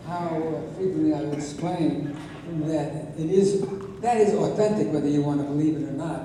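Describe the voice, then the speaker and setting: A man's voice: fairly high pitch, moderate pace, background noise. A man in his eighties, an actor answering fan questions at a convention panel, telling wry stories with many restarts. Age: 80s. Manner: rambling, self-correcting, wry. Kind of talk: convention Q&A storytelling. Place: large convention hall. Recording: echoey convention hall, far from mic.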